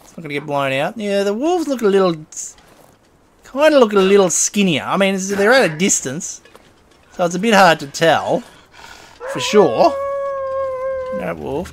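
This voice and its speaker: A man talks his way through a survival game in a fairly high-pitched voice. He chats casually, chuckles often, and gets flustered when danger hits. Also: huge pitch swings, normal speed, pauses often, background noise. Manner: chatty, chuckling, flustered under pressure. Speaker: gaming channel host. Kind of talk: let's play commentary.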